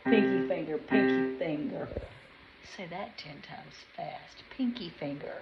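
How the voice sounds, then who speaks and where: A woman's voice: sits low, slow, gravelly, highs cut off. A woman piano teacher giving a patient, chatty recorded lesson, singing the note names along as she plays. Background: piano playing.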